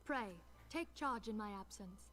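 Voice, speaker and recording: An actress voicing a calm, earnest young woman leader in a game cutscene, speaking softly in formal, old-fashioned phrasing. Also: medium pitch, measured pace, natural voice. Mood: resolute. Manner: soft, formal and archaic. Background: game music.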